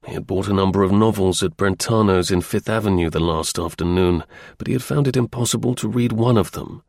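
Husky low-voiced male narrator. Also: brisk, darkish tone, dry recording, clean studio sound. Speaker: audiobook narrator. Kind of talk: scripted narration.

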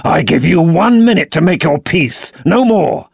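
A man voicing a vengeful young sailor who speaks slowly and threateningly, in a storybook reading. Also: on the high side, animated, creaky, a little mellow, husky, no echo, clean studio sound, voice pushed up, heavily acted. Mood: menacing. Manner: slow, threatening, growling delivery.

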